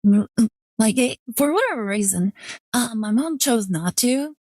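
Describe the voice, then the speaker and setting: A woman streamer chatting casually and telling a long story, rambling with "like" in nearly every phrase and dropping into a lower voice when she quotes people. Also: animated, a little mellow, dry recording, clean studio sound. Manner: rambling, fills every pause with "like". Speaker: VTuber streamer.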